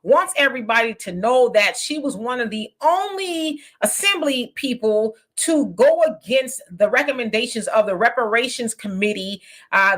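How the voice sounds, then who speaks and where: A woman's voice: fairly high pitch, fairly bright tone. A woman presenting a news commentary clip in a conversational, wry way.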